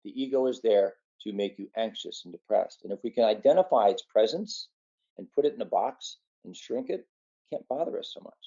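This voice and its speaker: Male speaker, earnest meditation talk, mellow dark voice, dull lo-fi recording. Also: lowish voice, expressive, brisk. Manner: earnest, conversational, tells a folksy story. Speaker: physician giving a meditation talk.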